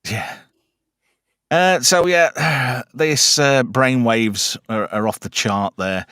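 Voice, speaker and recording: Here a podcast host speaks slowly in a mid-range, bright, forceful yet smooth male voice. He chats casually about films, cracking crude jokes and using many fillers. The recording is dry and clean, studio quality.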